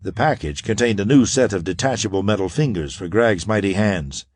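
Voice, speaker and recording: Expressive male audiobook narrator. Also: on the low side, a little fast, dry recording, clean studio sound. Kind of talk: scripted narration.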